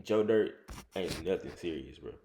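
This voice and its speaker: Man reacting on stream, low voice, blunt asides, faint noise. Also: animated, normal speed, mellow. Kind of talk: casual reaction commentary.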